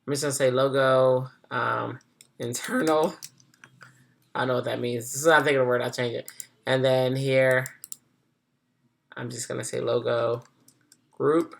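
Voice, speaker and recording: Chatty gravelly software tutor. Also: mid-range voice, fairly even intonation, moderate pace, pauses often. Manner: thinks aloud, chatty, self-correcting. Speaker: design instructor. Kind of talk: casual screen-recorded software tutorial.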